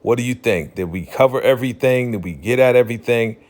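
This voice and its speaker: A man's voice: mid-range voice, fast, a little mellow. A man giving a casual, chatty recap of a TV episode, loose and full of slang and "you know" fillers. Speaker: TV recap channel host.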